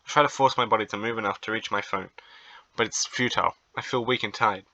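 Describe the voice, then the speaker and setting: A young man reading a visual novel aloud as its narrator, then breaking into excited, flustered reactions. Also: lowish voice, fast talker, muffled recording.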